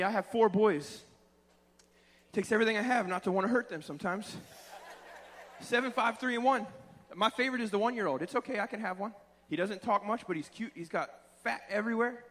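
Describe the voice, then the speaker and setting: A man in his thirties, a pastor preaching a sermon, swinging between hushed pleading and loud shouting. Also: extremely high pitch, fast. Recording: long church reverb.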